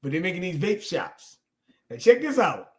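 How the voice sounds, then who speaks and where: A man hosting a livestream chat, telling stories in an animated way, swearing and laughing. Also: high-pitched, normal speed. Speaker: show host. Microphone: streaming call.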